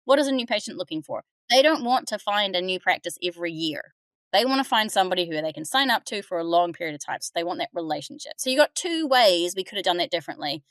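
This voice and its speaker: A woman hosting a podcast, coaching on front-desk phone calls in an animated, chatty way and acting out callers. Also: fairly low pitch, quick pace, no room sound, clean studio sound. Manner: animated, acts out phone calls, laughs often. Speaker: dental front-desk trainer and podcast host. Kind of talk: casual podcast discussion.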